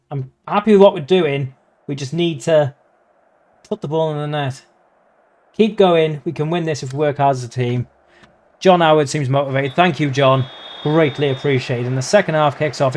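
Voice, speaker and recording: Young male gaming commentator, slightly high pitched, excitable, casual swearing. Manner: excitable, yelps at near misses, swears casually. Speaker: gaming YouTuber. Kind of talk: live play-by-play commentary over a football management game.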